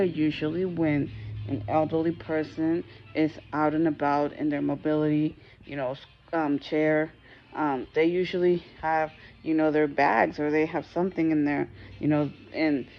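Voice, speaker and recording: Gravelly low-voiced woman telling a story. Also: little pitch movement, moderate pace, dull audio, faint music behind. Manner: rambling with frequent fillers and restarts. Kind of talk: casual storytime vlog.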